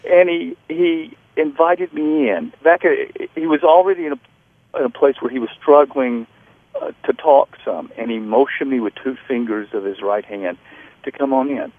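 A man's voice: mid-range voice, no room sound. Earnest middle-aged man on a tinny phone line. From North Carolina. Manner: earnest, halting storyteller with restarts and fillers. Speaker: author guest. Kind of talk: storytelling interview.

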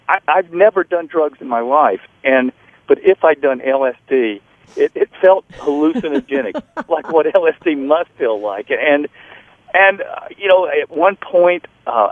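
A middle-aged man from North Carolina, an author telling a personal story in an interview, earnest and halting, with restarts and fillers. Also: mid-range voice, dry recording. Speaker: author guest. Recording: tinny phone-line radio audio.

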